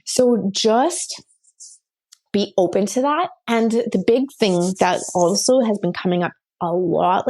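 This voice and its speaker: Brief: woman podcast guest, higher-pitched, animated storyteller, casual. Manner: animated, quick-shifting storyteller. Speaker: guest, pet communicator and medium.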